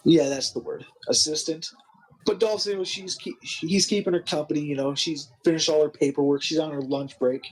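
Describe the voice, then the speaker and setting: Husky young man recapping a game. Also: fairly high pitch, steady tone, a little fast, low-quality recording. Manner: rambling, profane, full of restarts and 'like'. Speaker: game commentator. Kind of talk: casual recap of a wrestling game.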